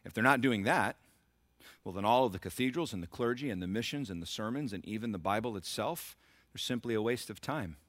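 A man's voice: on the low side, expressive, fairly quick, a bit bright, no echo. A middle-aged man preaching a sermon as pastor, building to emphatic surges and talking directly to the congregation.

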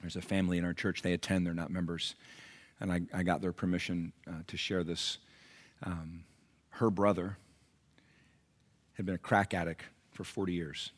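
A middle-aged man, a pastor, preaching a sermon that moves between quiet storytelling and loud, high-pitched exhortation. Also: level tone, normal speed, long pauses.

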